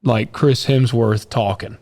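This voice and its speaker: A man's voice: medium pitch, fairly even intonation, slow, darkish tone, no echo. A man with a Southern American accent, co-hosting a podcast in laid-back, joking banter. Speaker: podcast co-host. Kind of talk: casual podcast chat.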